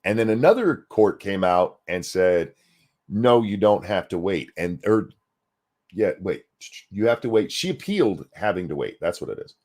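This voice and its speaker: A man with a low voice co-hosts a casual political chat show. His delivery swings widely in pitch as he gives blunt, sarcastic takes and swears freely. He reads viewer messages aloud between his points. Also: big pitch swings, normal speed, darkish tone. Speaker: podcast co-host.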